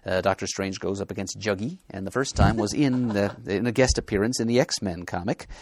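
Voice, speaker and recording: A man with a lowish voice explains comic lore on a casual podcast. He thinks aloud and stumbles over fillers. The sound is dry and close, with no room around him. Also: a little mellow, dry recording. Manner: thoughtful, halting, with fillers. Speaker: podcast co-host.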